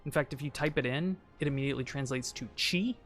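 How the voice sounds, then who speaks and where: A man streaming a video game, casually ranting and insisting on his point, sometimes trailing off quietly. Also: medium pitch, fast talker, soft background music.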